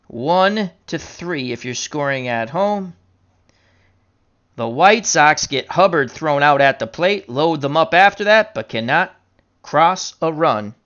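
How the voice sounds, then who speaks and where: A man calling a tabletop baseball dice game as a jokey, excitable play-by-play announcer. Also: a little high, highs cut off.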